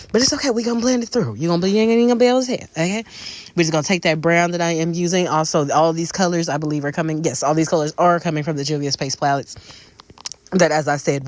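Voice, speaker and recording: Woman, low voice, dry close sound, chatty makeup tutorial voice-over. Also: no echo. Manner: chatty, calls the viewer baby and y'all. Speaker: makeup creator.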